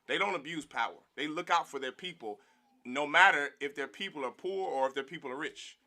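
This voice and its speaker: A man teaching a Bible class in a lively preaching manner, calling for response from the room and mimicking other people's voices. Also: on the high side, a little fast.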